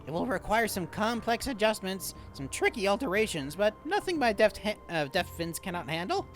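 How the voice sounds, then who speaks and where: A prim little male catfish creature from a game, speaking in stiff, formal phrases, as a man reads him out. The voice sits high and swings widely in pitch. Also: big pitch swings, normal speed, a bit bright, soft background music. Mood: earnest. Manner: formal, fussy diction.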